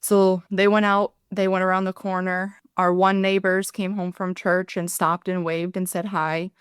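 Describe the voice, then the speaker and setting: A woman in her thirties, a nurse and paramedic, telling her story as a podcast guest in an earnest, halting way. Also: on the low side, little pitch movement, smooth, dry recording, studio quality. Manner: earnest, halting retelling that acts out her own past words. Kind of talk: podcast interview, personal account.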